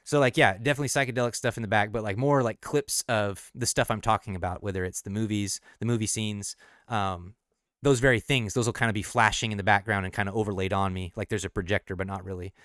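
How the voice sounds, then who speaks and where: A man with a fairly low voice talks loosely on a late-night stream, thinking aloud as he unpacks his own song lyrics. He stumbles, restarts and breaks into easy laughs. The sound is dry and close, with no room echo. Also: fairly even intonation, fast talker, fairly bright tone. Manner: rambling and thinking aloud, with many restarts and self-corrections; laughs easily between explanations. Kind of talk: casual late-night livestream talk.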